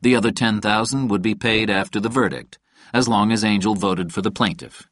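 Low-voiced man narrating a story. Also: brisk, a bit bright, dry recording, studio quality. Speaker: audiobook narrator. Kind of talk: scripted narration.

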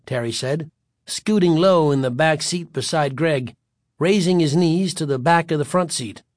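A male audiobook narrator reads a chapter of a story in an even storytelling voice, pitched on the high side and at a moderate pace. The scripted narration has clean studio sound with no room sound.

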